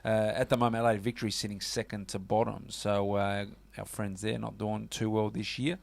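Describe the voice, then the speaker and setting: A man's voice: fairly low pitch, flat delivery, fairly quick, creaky, dry recording. A man with an Australian accent hosting a casual sports radio show, chatty and full of fillers. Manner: chatty, lots of fillers and "mate".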